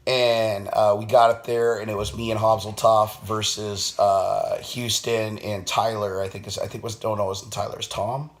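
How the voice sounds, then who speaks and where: A man with a somewhat low voice talks through his weekend in a relaxed vlog recap. He sounds worn out and tired. He speaks bluntly and swears freely. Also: normal speed, hardly any pauses. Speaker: vlogger.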